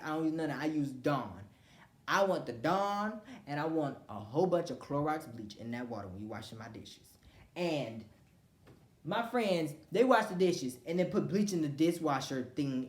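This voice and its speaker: A woman's voice: sits low, lively intonation, measured pace. A woman rants about her pet peeves in a blunt, profane, emphatic way. She acts out what other people said as she tells it. Her voice bounces around an echoey room. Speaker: vlogger. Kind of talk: casual rant to camera.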